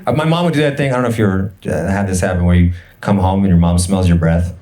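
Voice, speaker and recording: A young man doing an energetic, absurd stand-up set in a comedy club, slipping into put-on voices for the people he quotes. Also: deep voice, quick pace. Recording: live club set with a laughing crowd.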